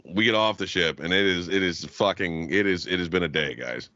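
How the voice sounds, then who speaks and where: A man's voice: low-pitched, fairly quick, sharp tone, dry recording. A man co-hosting a podcast, telling profane, laughing stories in casual chat and acting out what others said. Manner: profane, laughing, acts out quotes. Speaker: podcast co-host. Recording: dull, lo-fi podcast audio.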